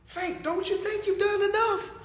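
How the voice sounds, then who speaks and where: A man delivering a comedic rant to camera in an animated, preachy and mocking way. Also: very high-pitched, normal speed. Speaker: vlogger.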